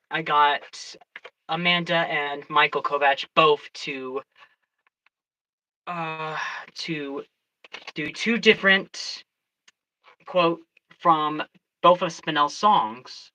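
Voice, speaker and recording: A storyteller chatting casually on a livestream, excitable and rambling, often restarting sentences. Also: medium pitch, low-quality recording.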